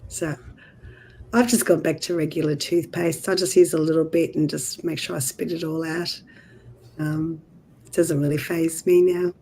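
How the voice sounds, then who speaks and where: A woman co-hosting a casual livestream chat, hoarse from the flu and chatting in an easygoing way. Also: sits low, fairly even intonation, moderate pace, dark tone, low-quality recording. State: hoarse, losing her voice from flu. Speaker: podcast co-host.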